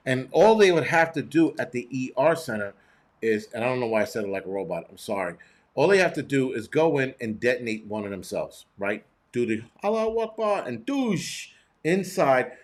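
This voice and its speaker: A man with a medium-pitched voice hosts a prepping show, delivering blunt, profane, rambling live-stream commentary and reading chat messages aloud.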